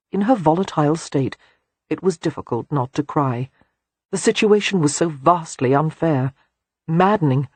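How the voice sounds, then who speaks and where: A man narrating a romance audiobook in an expressive storytelling manner. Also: fairly high pitch, normal speed, husky, no room sound.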